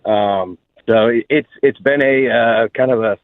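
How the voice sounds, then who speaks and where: A man's voice: mid-range voice, measured pace, dry recording. A man calling into a radio show, earnest and choked up with emotion. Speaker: caller. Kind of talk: phone call into radio show. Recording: tinny phone line.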